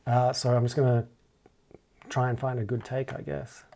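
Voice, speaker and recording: A man with a gravelly, fry-laden voice walks through a music editing tutorial in a loose, casual way. He hesitates a lot, stacks up ums and restarts, and often trails off. His pitch sits right in the middle for a man. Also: little pitch movement, moderate pace, dark tone. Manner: hesitant, many ums and restarts, self-deprecating. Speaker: music producer teaching a DAW. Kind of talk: casual screen-recorded tutorial.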